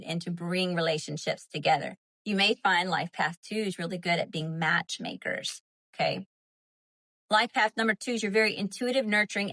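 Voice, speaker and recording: A woman's voice: on the low side, a bit bright, no room sound. A woman with a Southern US accent hosting a spiritual livestream, explaining numerology in a chatty way, full of fillers and talking to viewers as y'all. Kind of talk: casual livestream teaching.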